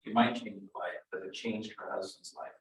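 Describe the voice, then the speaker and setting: A man's voice: low voice, normal speed. A man with a Californian accent coaches his listeners bluntly and with lots of animation. He is heard from a distance, and the room around him is strongly echoey. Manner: blunt, animated, retells stories with acted quotes. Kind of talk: casual coaching talk.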